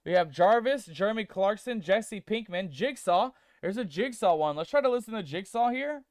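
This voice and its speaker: Male streamer, playful and jokey, high voice, dry close sound. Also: animated, normal speed, no echo. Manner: playful, jokey, calls viewers "mateys"; reads chat aloud and tests text-to-speech voices. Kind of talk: casual game stream chat.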